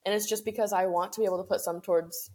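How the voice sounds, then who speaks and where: A woman's voice: mid-range voice, fairly even intonation, very fast, dark tone. A young woman co-hosting a podcast, chatting casually with lots of "like" fillers and easy laughs. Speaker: podcast co-host. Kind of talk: casual chat.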